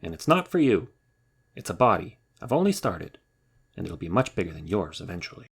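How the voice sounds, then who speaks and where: A man's voice: low voice, fairly even intonation, rapid-fire, gravelly, husky, full character voice. A man voicing a grumpy, indignant male rabbit in a storybook reading. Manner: sulky, exclaiming, indignant. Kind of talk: storybook character voice.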